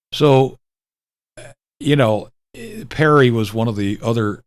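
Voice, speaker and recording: An older man hosting a video, explaining a retro computer program in a relaxed, rambling way, with fillers and self-corrections. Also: sits low. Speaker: video host demonstrating retro software. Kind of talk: casual explanatory demo.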